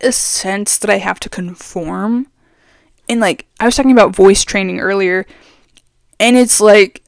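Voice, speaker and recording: Chatty young trans man with vocal fry. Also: sits high, measured pace, dry recording. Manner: rambling, expressive, voice going up and down. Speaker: vlogger. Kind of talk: casual chat. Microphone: very close to the mic.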